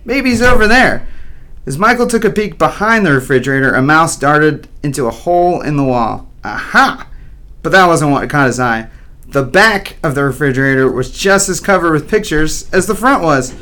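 A man's voice: on the high side, animated, brisk, pushed and bright. A man narrating a children's story playfully, with wry asides to the listener.

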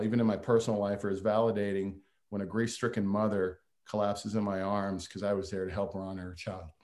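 A man's voice: on the low side, darkish tone. A man giving a humorous, folksy farewell speech to a board, self-deprecating and prone to restarts.

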